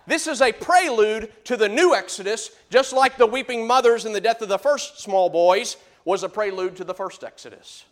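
A man delivering a sermon in a high-pitched voice. He pushes the scripture readings out loud and emphatic, then sinks into low, hushed explanation. It is a steady teaching preacher's delivery. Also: moderate pace, few pauses. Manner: emphatic, swings from loud high bursts to low quiet asides.

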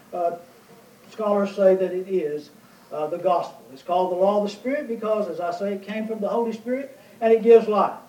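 A man preaching a verse-by-verse Bible lesson, pausing often with fillers and asking himself questions. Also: high-pitched, dark tone. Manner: plain teaching with many pauses and fillers; rhetorical questions answered himself. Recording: echoey room, voice from a distance, faint noise.

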